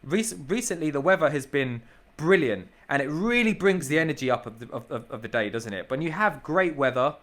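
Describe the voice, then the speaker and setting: Business owner guy on a podcast, hyped and emphatic, keeps saying bro, fairly high voice. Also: lively intonation, brisk, fairly bright tone. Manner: enthusiastic, emphatic, repeats himself, calls people bro. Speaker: podcast guest, tree surgery business owner. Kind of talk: casual podcast chat.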